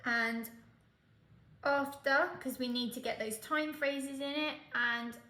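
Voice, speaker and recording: A woman with a high-sitting, sharp, steady voice teaches Spanish at an unhurried pace in this exam tutorial. Patient and methodical, she explains step by step and asks "okay?" to check in, with a roomy sound around her.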